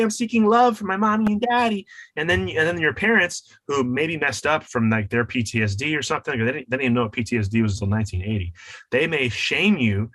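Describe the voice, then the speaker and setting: A man's voice: medium pitch, bright, forceful tone, dry recording, rough recording. A man, a wellness coach and author, speaking as a podcast guest in an emphatic, teacherly way. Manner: emphatic, teacherly, acts out voices in his examples.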